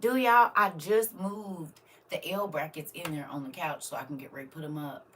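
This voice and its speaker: A woman's voice: low voice, moderate pace, a bit bright, far from the mic, a little hiss or hum. An older woman, chatting casually to viewers on a live stream and talking straight to them. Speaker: vlogger.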